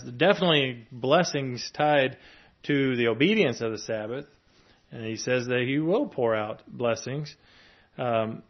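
A man delivering a sermon in a loose, conversational way, moving between scripture readings and casual asides. His voice sits at a middle pitch, and the recording sounds a little dull. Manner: conversational preaching, with chuckles and fillers. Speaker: pastor.

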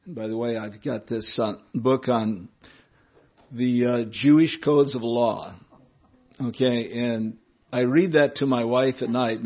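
Male Bible teacher, relaxed conversational delivery with chuckles, average pitch, lo-fi capture. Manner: conversational, chuckling asides, repeats key words. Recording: dull lo-fi recording.

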